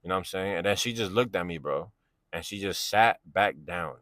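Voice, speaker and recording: A man's voice: low voice, fairly quick, fairly bright tone, no room sound. A man, telling a personal story in a casual, slangy, rambling way and often asking "you know what I'm saying".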